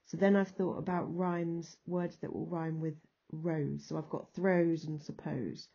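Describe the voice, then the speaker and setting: A woman's voice: low-pitched, level tone, unhurried, creaky, dark tone, breathy edge, muffled recording. A woman with an English accent, teaching a recorded lesson and patiently talking through examples step by step.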